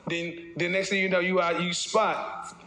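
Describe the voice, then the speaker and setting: A man's voice: high-pitched, little pitch movement, gravelly, pushed and bright. A man giving a casual opinion monologue as a dating commentator, speaking mockingly and addressing his audience directly. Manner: mocking, lecturing, slips into quick impressions.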